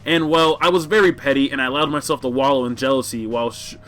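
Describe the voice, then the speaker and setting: A man voicing a sardonic teenage girl, in a measured, wordy manner. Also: medium pitch, steady tone, fairly bright tone, slight background noise, natural voice. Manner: measured, wordy, self-deprecating.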